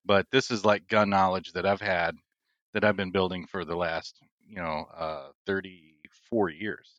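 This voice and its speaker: Male podcast guest, low voice, dry close mic, relaxed storyteller. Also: unhurried, dry recording, dull audio. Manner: storytelling, laughs often, relaxed. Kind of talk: casual chat.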